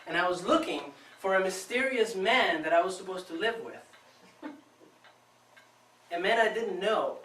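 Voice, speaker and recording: A man from Venezuela giving a prepared contest speech to a live audience, telling his story with expressive, dramatic pauses. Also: high voice. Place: club meeting room before a live audience. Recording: echoey room, distant mic, faint noise.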